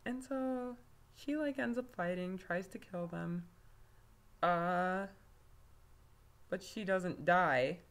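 A woman's voice: on the low side, slow, long pauses. A woman giving a casual video review of a story, rambling, with lots of fillers and self-corrections. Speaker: fanfiction reviewer.

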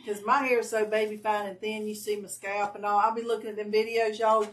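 A woman's voice: mid-range voice, fairly quick, distant mic, slight background noise. A woman, chatting casually as a livestream guest and telling stories with a laugh at herself. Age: 50s. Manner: lively storytelling, laughs at herself. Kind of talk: casual chat.

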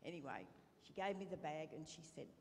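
A woman's voice: deep voice, very animated, brisk, a little mellow. A woman telling a homely, rambling everyday story at church. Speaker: congregant sharing a story. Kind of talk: casual anecdote. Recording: reverberant church hall, faint noise.

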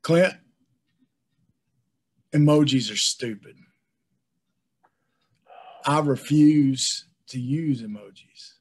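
A man's voice: mid-range voice, drawn-out words, long pauses, husky. A man co-hosting a casual podcast, airing blunt opinions with frequent restarts. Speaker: podcast co-host. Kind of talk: casual chat.

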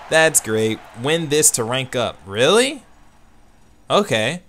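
A man commentating his own online fighting game matches, animated and self-deprecating, with quick outbursts and laughs. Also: medium pitch. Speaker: gaming YouTuber. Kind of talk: let's play commentary. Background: game music.

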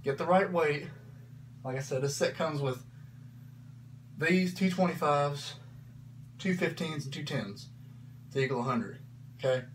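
A man's voice: fairly high pitch, measured pace, pauses often, slight background noise, poor audio. Casual man coaching a workout. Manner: casual, coaching, says y'all and frickin'. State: slightly out of breath. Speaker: fitness vlogger.

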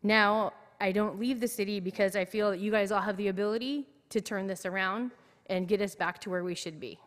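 A woman who works as a police dispatcher, giving an earnest, steady public comment to a council committee at a podium microphone. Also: medium pitch, fairly quick. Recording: echoey council chamber.

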